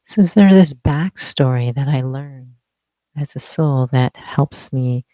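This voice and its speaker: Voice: mid-range voice, slow, warm tone, dry recording. An interviewer asking thoughtful questions in a conversation about spiritual teaching, working each question out aloud.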